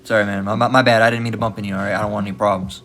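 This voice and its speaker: A man voicing someone who apologizes softly to calm a stranger down. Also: fairly low pitch, racing, a little hiss or hum, voice pushed down, lightly acted. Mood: placating. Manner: soft, placating, apologetic. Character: apologetic man backing down from a fight.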